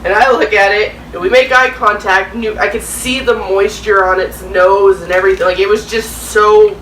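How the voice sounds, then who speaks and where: A woman's voice: medium pitch, fairly even intonation, moderate pace, a bit bright. A woman casually telling a story over a meal, rambling and correcting herself as she goes. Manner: rambling, self-correcting, laughs while telling. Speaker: family channel co-host. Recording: roomy, distant mic, faint noise.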